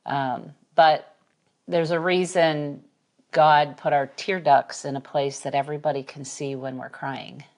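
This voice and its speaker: A woman with a low voice hosts a casual podcast conversation. She talks in a supportive, easygoing way. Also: fairly even intonation. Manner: supportive, quick backchannels and laughs. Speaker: podcast host. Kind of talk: casual chat.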